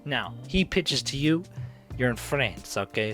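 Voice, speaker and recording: Young male comedic host, mid-pitched, loose rambling delivery, jokes at himself. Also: animated, unhurried, fairly bright tone, faint music behind. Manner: rambling, jokey, self-interrupting. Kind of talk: casual comedic storytelling.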